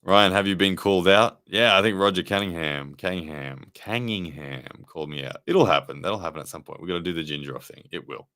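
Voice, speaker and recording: Low-voiced man hosting a live review. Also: brisk, few pauses, fairly bright tone, clean tone, dry recording, studio quality. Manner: rambling, conversational, frequent fillers and restarts. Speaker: livestream host and armwrestling commentator. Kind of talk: casual live review reading chat.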